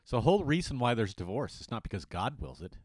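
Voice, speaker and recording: A man co-hosting a conversational Bible study, reading scripture in an animated, dramatic way. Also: mid-range voice, quick pace, no echo. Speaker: pastor co-host.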